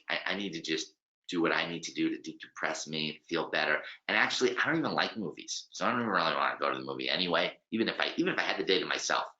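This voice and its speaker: A man's voice: a bass voice, sharp tone, full character voice. A man with an American accent voicing a tired adult who politely but firmly turns down a pushy stranger. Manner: weary, polite, firm. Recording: roomy, slightly dull webinar audio.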